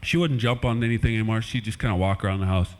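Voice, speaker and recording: A man's voice: on the low side, steady tone, very fast, slight background noise. A man doing playful family stand-up comedy in a church hall, chatting with kids in the crowd, on an old VHS recording.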